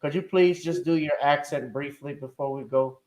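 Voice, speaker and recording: A man hosting a casual live-stream talk show, relaxed and chatty as he wraps up with his guests. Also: fairly high pitch, normal speed. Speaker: host.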